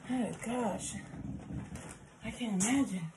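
A woman's voice: mid-range voice, measured pace, long pauses, slight background noise, low-quality recording. A woman doing a casual workout vlog at home, counting squats aloud and cheering her viewers on while out of breath. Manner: encouraging, chatty, counts reps aloud. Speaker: fitness vlogger.

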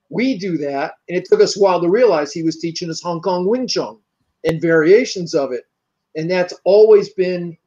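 An older American man, a martial arts grandmaster appearing as an interview guest, tells long, rambling stories and slips into the voices of the people he quotes. His voice is mellow and sits high for a man, and the recording sounds muffled and lo-fi.

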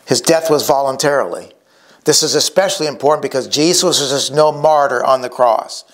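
A middle-aged male pastor preaching a sermon, emphatic and slowing down to stress key words. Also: mid-range voice.

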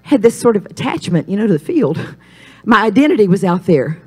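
A woman's voice: sing-song, brisk, slightly rough. Woman preacher, testimony sermon, storytelling and emphatic, voice in the middle of the range. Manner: emphatic, storytelling, swells louder and higher on key points. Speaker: speaker at a Christian ministry.

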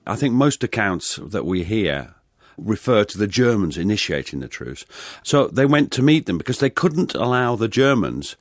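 Male historian, lowish voice, animated pitch, dry close mic. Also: normal speed, dry recording. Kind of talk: expert commentary.

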